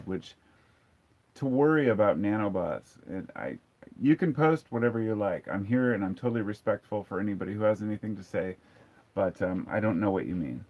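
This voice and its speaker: Blunt man in his forties, lo-fi. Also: fairly low pitch. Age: 40s. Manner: candid, blunt, reads viewer comments aloud. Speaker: livestream host. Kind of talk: casual live-stream chat. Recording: dull lo-fi sound.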